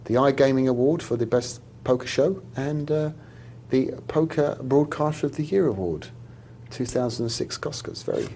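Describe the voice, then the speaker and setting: A man's voice: medium pitch, normal speed, mellow, slight background noise. A man co-presenting a live poker show, rambling and joking with mock indignation. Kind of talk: live TV studio banter.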